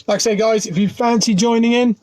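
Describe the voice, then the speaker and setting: A man's voice: extremely high pitch, steady tone, brisk, darkish tone. A man hosting a casual pub quiz livestream from inside his van, talking into his phone and greeting viewers by name. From United Kingdom. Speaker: quiz host.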